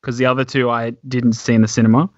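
A man co-hosting a casual podcast chat, relaxed and hesitant with many ums. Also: mid-range voice, quick pace, dry recording. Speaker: podcast co-host. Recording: dull lo-fi, dry room.

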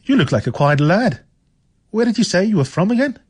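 A man's voice: high-pitched, big pitch swings, fairly quick, husky, voice pushed up, full character voice. A man reading aloud, voicing a chatty middle-aged Irish landlady with a blunt, gossipy manner and a shaky attempt at an Irish lilt. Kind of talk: reading a novel aloud on radio.

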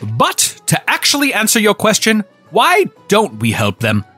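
A performer voicing a boastful, drunk old gnome headmaster in a comedic audio drama, swaggering between sly mutters and loud outbursts. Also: medium pitch, wildly swooping pitch, measured pace, husky, soft background music, heavily acted. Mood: callous.

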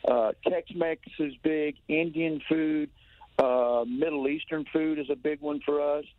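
A touring musician from Tennessee calls in to a radio station for a casual phone interview, his Southern-accented voice a little high, fairly even in intonation and a bit slow. He rambles enthusiastically with many restarts, and the tinny telephone line sounds dry with no room sound.

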